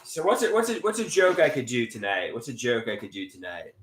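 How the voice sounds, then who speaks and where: A man's voice: mid-range voice, lively intonation, a little fast, fairly bright tone, slight background noise. Guy live streaming from home, stutters and repeats himself a lot, voice jumps up and down, roomy echo. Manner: stammering, repeats words, mutters to himself. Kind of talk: rambling live stream monologue. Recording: echoey room.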